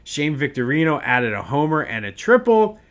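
A man's voice: a little high, big pitch swings, moderate pace. A man hosting a casual solo sports podcast, ranting in a worked-up way with many restarts.

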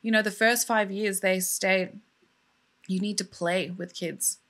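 A woman's voice: medium pitch, steady tone, a little slow, fairly bright tone. A woman, a mother in her thirties or younger, telling a sad true crime story in a casual vlog, emotional and indignant as she talks it through.

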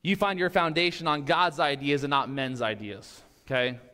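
A man's voice: fairly high pitch, steady tone, moderate pace, sharp tone, clear, resonant tone. Conversational male pastor in a reverberant church. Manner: casual and conversational, often checks in with "all right?" and "okay?". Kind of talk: sermon. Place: church sanctuary.

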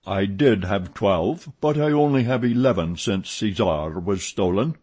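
A man doing a dry, blunt stable master. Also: on the low side. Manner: flat, dry, measured delivery. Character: gruff male head groom, blunt and dry.

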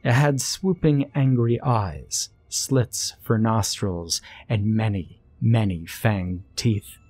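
Slow, low-voiced male horror narrator. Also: darkish tone, no room sound, soft background music. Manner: slow, measured storytelling. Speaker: story narrator.

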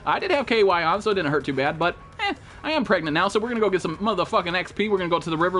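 A man's voice: sits high, animated, fairly quick, fairly bright tone, slight background noise. A young man streaming a game live, greeting viewers and joking in loose, profane, rambling talk. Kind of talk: live gameplay stream chat.

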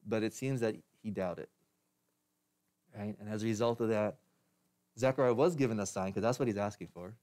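A man's voice: fairly low pitch, moderate pace, pauses often, darkish tone. A man preaching a sermon as pastor, in a conversational way with restarts and light laughs.

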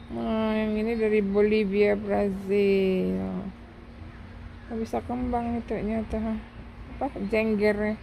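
A woman vlogging casually, cooing at birds in a high baby voice. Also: flat delivery, measured pace, creaky, dark tone, a little hiss or hum. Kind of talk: casual travel vlog.

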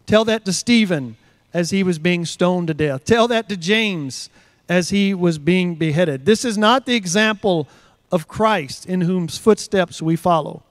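A man with a fairly high voice preaching a measured, earnest sermon. He works through scripture with repeated rhetorical questions. The sound is close and dry, with no room echo. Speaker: guest preacher. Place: church service.

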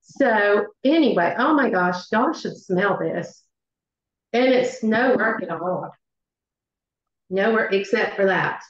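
A middle-aged woman with a Southern US accent hosting a live cooking class, chatty and excitable, with many fillers. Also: medium pitch, slow. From Southern United States. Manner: chatty and excitable, many ums, says y'all. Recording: echoey room, dull lo-fi sound.

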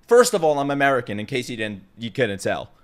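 A young man with a New York accent vents straight to his viewers in an exasperated, profane rant. His pitch leaps up and drops back down as he argues. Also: very animated, fast talker. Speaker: YouTuber. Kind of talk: ranting vlog.

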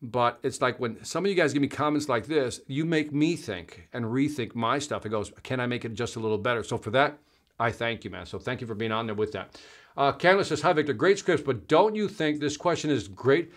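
Chatty male sales show host. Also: mid-range voice. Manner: animated and chatty, calls viewers man and brother. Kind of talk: casual live-stream talk reading viewer comments.

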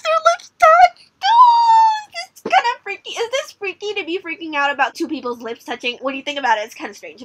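A young woman hosting a reaction video, gushing and giggling with excitement. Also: high-pitched, a little hiss or hum.

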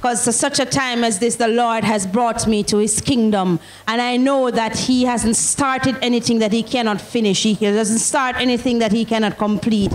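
A woman's voice: a little high, steady tone, normal speed, few pauses, slight background noise. Earnest woman giving testimony, echoey church. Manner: earnest, thankful, reflective. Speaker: congregation member giving testimony. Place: church service.

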